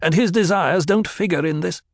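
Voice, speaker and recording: A man's voice: sits high, moderate pace, dry recording, clean studio sound, voice pushed up. A man voicing a stern, snappish old woman who sneers and lectures with cruel mimicry, in an audiobook reading.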